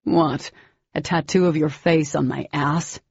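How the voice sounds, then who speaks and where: A woman's voice: deep voice, fairly even intonation, a little slow, gravelly, darkish tone, breathy edge, dry recording, highs cut off, full character voice. A woman voicing a young male alien hero, cocky, sarcastic and protective, who talks with defiant intensity.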